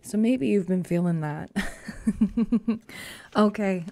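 A woman giving a casual, chatty pick-a-card tarot reading, reassuring and full of fillers, her voice a bit rough today. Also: fairly low pitch, slow, a little mellow, no room sound. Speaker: tarot reader.

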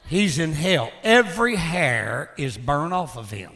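An older man with a drawl tells casual stories from his life. His voice sits a little high for a man. His delivery is folksy and animated, with chuckles between lines. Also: measured pace, creaky, a little hiss or hum. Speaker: former pastor and builder. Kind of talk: casual storytelling.

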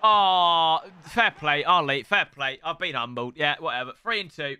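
A young man giving excitable gameplay commentary as a streamer, trash-talking his opponent and shouting at big moments. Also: a little high, moderate pace, clear, resonant tone.

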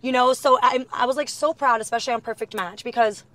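A young woman speaking in a slightly high voice, chatting casually as a guest. She is giggly and animated and tells stories with playful put-on voices. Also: quick pace. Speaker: reality TV guest. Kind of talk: casual chat.

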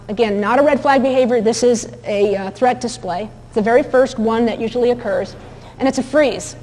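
A woman with a fairly high voice lectures about dog behavior. She speaks in a chatty, anecdotal way, full of fillers and restarts. Her voice rings with the long reverb of a large hall. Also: a little mellow. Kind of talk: recorded lecture with video clips.

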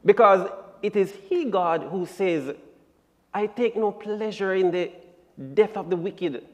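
A man presents a Bible lesson in a church sanctuary. He speaks slowly in a fairly high voice, stressing key words emphatically. His voice rings with the long echo of the church hall. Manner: deliberate and emphatic, building to strong stresses. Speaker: Sabbath School lesson presenter.

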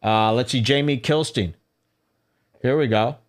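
A man's voice: mid-range voice, measured pace. A man hosting a solo podcast, delivering incredulous, ranting commentary and reading social media posts aloud. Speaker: podcast host.

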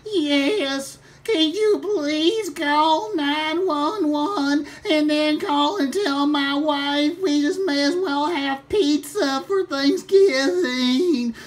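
A woman voicing a bumbling hillbilly farmer out hunting turkey for a puppet show comedy, full of folksy rural slang and loud hollers. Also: high-pitched, very slow, few pauses. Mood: whimpering.

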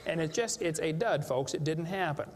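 A creationist speaker lectures at a live seminar in a large hall, playing to the audience with jokes and emphasis. His voice is on the high side at a normal speed, and the recording sounds echoey with a little background noise.

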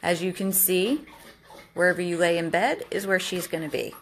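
A woman's voice: fairly low pitch, normal speed, a little hiss or hum. A woman, a dog rescue volunteer, earnestly pleading with viewers in a home video.

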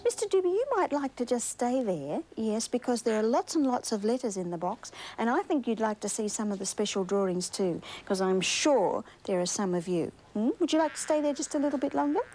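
A woman's voice: on the high side, animated, fairly quick, hardly any pauses, dark tone, rough recording. An Australian woman hosting a children's TV show, coaxing and sing-song, full of tag questions for young viewers. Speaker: children's TV host.

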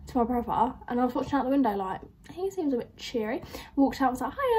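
A woman's voice: on the high side, fast. Chatty young woman vlogger. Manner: chatty, animated, laughing through stories. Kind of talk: casual reaction vlog storytelling.

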